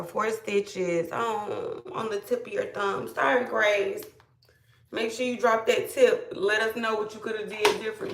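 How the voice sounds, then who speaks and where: A woman from Georgia, chatting casually to viewers on a live stream, greeting them by name and a little hoarse after being ill. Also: medium pitch, a bit bright, roomy sound, recorded from a distance. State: slightly hoarse after illness. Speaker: livestream host.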